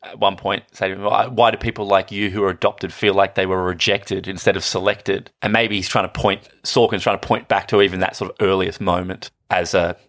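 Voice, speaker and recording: Joking man, lowish voice. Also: flat delivery, brisk, few pauses, a bit bright. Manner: joking, swears casually. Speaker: podcast co-host. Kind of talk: casual film-review chat.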